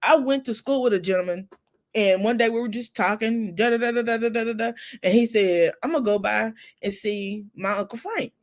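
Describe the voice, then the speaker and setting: A woman's voice: a little high, brisk. Woman telling heartfelt family stories. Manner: warm, emotional, with laughs and soft asides. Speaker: host. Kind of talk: casual heartfelt storytelling.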